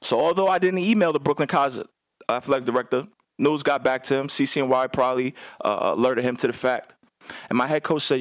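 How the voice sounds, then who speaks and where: A man's voice: mid-range voice, brisk, no echo, studio quality. A man, a former assistant basketball coach, telling a story on a radio show in casual slang, acting out other people's lines.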